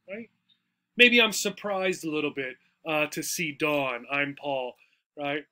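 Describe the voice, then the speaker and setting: Bright-voiced man teaching English. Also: on the high side, lively intonation, a little slow. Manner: chatty, frequent "right?" and "okay?" checks. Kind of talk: explaining a textbook dialogue.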